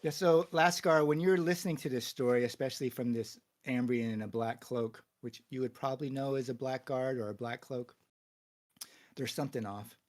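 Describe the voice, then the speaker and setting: A man running a tabletop game as its game master. He narrates the scene in a casual, halting way, with plenty of fillers, and his voice sits at a middle pitch.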